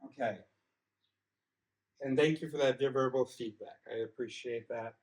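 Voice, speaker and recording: On the road, a son gives his father a casual lecture about a theory, picked up by a dashcam mic in an echoey car cabin. His mid-pitched voice is steady, slightly slow and darkish in tone. He explains patiently in small steps, often checking in with "okay?"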